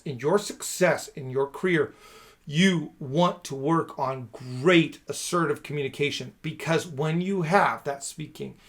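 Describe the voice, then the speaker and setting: A man in his thirties teaching on camera, emphatic and repeating key phrases in a steady rhythm. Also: fairly high pitch. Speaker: speaker and coach.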